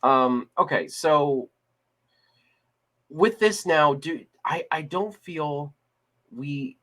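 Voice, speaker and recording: A man's voice: fairly high pitch, extremely slow, pushed and bright. A man co-hosting a casual discussion podcast, talking in a rambling way with many restarts and fillers. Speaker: podcast co-host. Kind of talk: casual chat.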